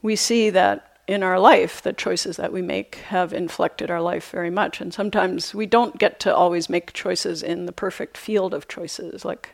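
A middle-aged woman, a meditation teacher, giving a reflective dharma talk on retreat with unhurried, soft hesitations. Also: fairly low pitch, steady tone, vocal fry. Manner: light self-amused laughter. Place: retreat center meditation hall.

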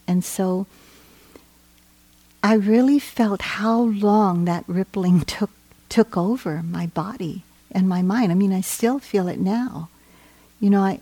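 A woman meditation teacher giving a gentle, reflective dharma talk on retreat, pausing often and trailing into soft phrases. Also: on the low side, creaky, dry recording.

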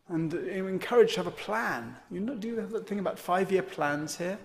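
A man's voice: high-pitched, lively intonation, brisk, few pauses. A man giving a meandering, reflective dharma talk as a meditation teacher, often checking in with "right?". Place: meditation center.

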